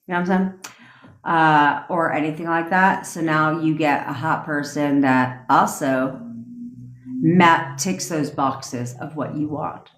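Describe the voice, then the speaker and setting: Woman, deep voice, blunt profane livestream rant, echoey room. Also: fairly even intonation, a bit bright. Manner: blunt, profane, laughing, fast asides. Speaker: manifestation coach.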